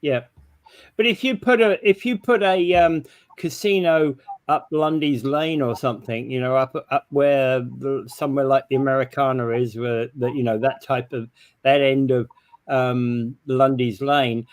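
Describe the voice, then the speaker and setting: Male talk co-host, mid-pitched, dry and close, agreeable chatter. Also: fairly even intonation, no room sound. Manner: agreeable, quick with affirmations. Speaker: co-host of a local talk show. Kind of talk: casual talk-show chat.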